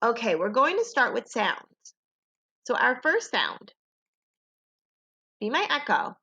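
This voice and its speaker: A woman's voice: on the high side, very animated, slow pace, sharp tone, slightly rough. A woman teacher giving a home phonics lesson to young children, in a patient call-and-repeat manner. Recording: dull lo-fi home recording.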